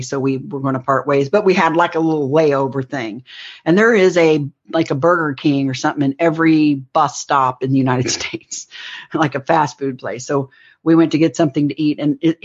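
A woman telling a rambling personal story in an interview, acting out the lines she quotes. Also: low voice. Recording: dull lo-fi recording.

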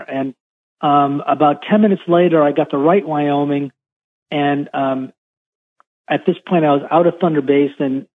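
Husky man telling his story over a phone line. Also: fairly high pitch. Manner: halting, repeats words, rambling first-person account. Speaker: caller recounting a UFO encounter. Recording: tinny phone line on radio.

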